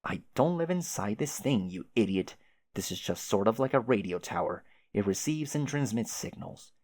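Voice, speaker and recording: Dude doing a smug sarcastic narrator voice, talks down to you, kinda quiet and mocking. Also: male voice, fairly low pitch, expressive, normal speed, no echo. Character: smug, condescending male narrator voice in a head.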